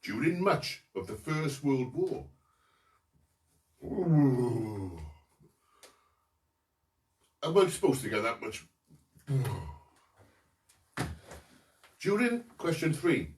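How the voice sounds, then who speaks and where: Guy hosting a lockdown quiz at home, high voice, reads questions twice, echoey room. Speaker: quiz host. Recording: roomy, mic set at a distance.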